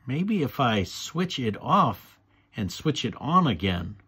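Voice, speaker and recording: A man's voice: medium pitch, very animated, slow pace, a bit bright, slightly rough, full character voice. A man voicing a jolly, slightly boastful father pig in a read-aloud storybook.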